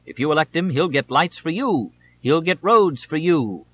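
A man voicing a male campaign announcer giving a high, drawn-out, declaiming spiel, in a slightly dull audiobook recording. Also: expressive, a bit bright. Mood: salesy.

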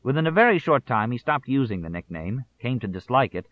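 A man narrating a nonfiction audiobook in a measured, deliberate manner. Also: mid-range voice, big pitch swings, no room sound. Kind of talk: scripted narration. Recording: tinny phone-like audio.

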